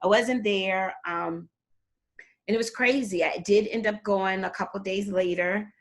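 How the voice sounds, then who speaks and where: A middle-aged woman telling a long personal story in a relaxed interview. She talks in an animated way and jumps into other people's voices as she quotes them, at a middle pitch for a woman. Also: a little slow. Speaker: guest, performer and fitness trainer.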